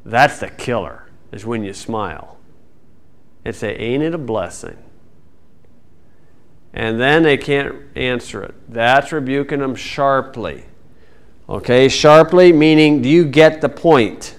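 A middle-aged man teaching a Bible lesson in a folksy, wry way, reading verses slowly and then speeding up. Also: medium pitch. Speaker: preacher.

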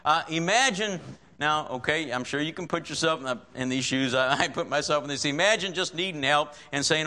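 Bright-voiced preacher man, chatty. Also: fairly high pitch, a little fast. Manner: conversational, checks in with frequent "right?"; chuckles often while preaching. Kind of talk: sermon with scripture reading.

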